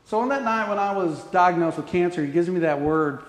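Male preacher, high-pitched, impassioned delivery that dips to near-whispers, roomy reverberant hall. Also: fairly quick. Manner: passionate, swings between loud emphasis and hushed tones. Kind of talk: sermon. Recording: echoey hall.

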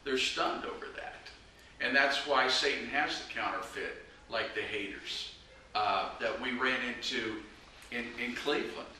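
A man's voice: medium pitch, unhurried, bright, forceful tone. Urgent preacher man in an echoey room. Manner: earnest and urgent, exhorting. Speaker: evangelist preacher. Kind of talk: preaching a personal testimony. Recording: very echoey room, mic far off, faint noise.

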